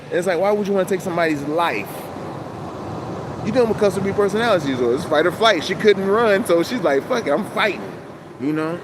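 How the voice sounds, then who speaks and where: High-voiced man ranting over traffic noise. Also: fast talker. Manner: profane, loose street slang, animated. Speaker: channel host. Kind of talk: casual rambling monologue. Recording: loud outdoor traffic noise.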